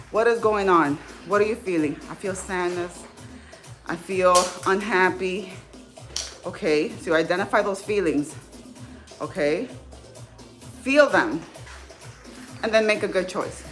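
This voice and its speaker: A woman in her late thirties talks straight to her viewers in a relaxed, heartfelt way, like she's chatting with friends. Her voice sits at a middle pitch, with soft music faintly underneath. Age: 30s. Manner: candid, heartfelt, conversational. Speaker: fitness vlogger. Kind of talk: casual livestream talk.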